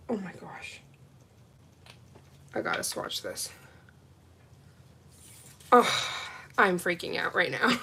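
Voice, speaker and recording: A woman hosts a live nail art stream, taking her time as she talks. She gushes with excitement over each color and chats casually with her viewers. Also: on the high side. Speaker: nail art livestream host. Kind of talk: casual live unboxing chat.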